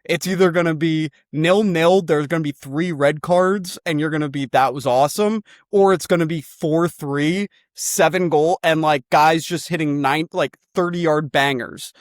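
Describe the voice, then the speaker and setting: A young man co-hosting a comedy show, pitching a football club in a rambling, excitable way and swearing freely. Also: normal speed, few pauses, no room sound, clean studio sound.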